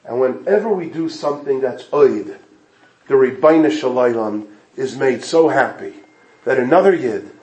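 Echoey, impassioned man preaching a sermon. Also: fairly high pitch. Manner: emotional, moving from hushed to impassioned. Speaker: speaker at an evening gathering. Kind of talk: sermon with storytelling. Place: synagogue hall. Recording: echoey room.

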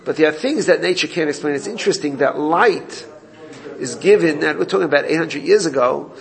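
Gravelly man teaching a Torah class. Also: on the high side, a little fast. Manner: explanatory, reads Hebrew text then translates.

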